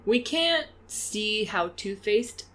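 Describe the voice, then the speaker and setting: A woman's voice: medium pitch, animated, slow, fairly bright tone. A woman co-hosting a casual podcast, reading listener comments aloud with playful asides. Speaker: podcast co-host.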